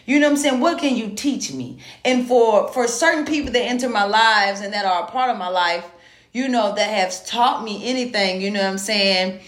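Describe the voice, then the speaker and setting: A woman's voice: medium pitch, moderate pace, echoey room. A woman hosting a podcast, talking frankly and with a lot of swearing, checking in with her listeners over and over. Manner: frank, animated, keeps saying "you know what I'm saying". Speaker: podcast host. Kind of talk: casual profane monologue.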